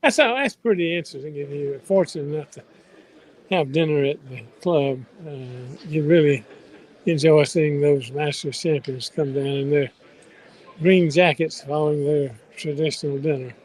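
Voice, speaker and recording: An older Southern man calls in to a radio sports show, his voice sitting a little high. He talks in an easy, folksy way and pokes fun at himself. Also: a little mellow, poor audio. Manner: folksy, unhurried, self-deprecating. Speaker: guest golf reporter. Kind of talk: phone-in radio chat.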